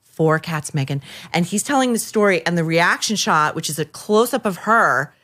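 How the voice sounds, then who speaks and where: Lowish-voiced woman columnist dishing gossip. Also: normal speed. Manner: animated storytelling, incredulous. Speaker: columnist guest. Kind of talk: gossipy commentary.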